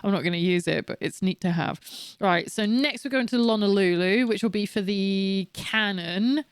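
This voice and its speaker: A smooth, medium-pitched female voice moves at a moderate pace. The speaker, a woman in her late thirties, streams a game and chats casually, swearing freely as she rants and jokes with laughter.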